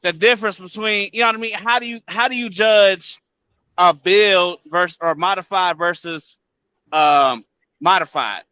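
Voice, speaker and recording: A man joining a casual car talk who thinks aloud in an animated way. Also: high-pitched, moderate pace, clean tone, no room sound, muffled recording. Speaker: panelist. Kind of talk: casual group discussion.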